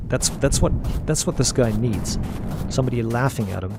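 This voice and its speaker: A man with a gravelly, creaky voice of middling pitch gives blunt, opinionated commentary while playing a game. He rambles, often repeats himself and restarts his sentences. A faint hum of game vehicle noise sits under his talk. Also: animated, normal speed. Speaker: gamer streaming a playthrough.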